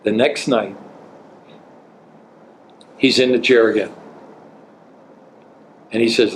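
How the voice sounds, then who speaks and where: An older man, a former coach, telling an animated story as an interview guest. He chuckles between lines and jumps his pitch when quoting people. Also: takes it slowly, long pauses, a little hiss or hum, poor audio. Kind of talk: storytelling anecdote.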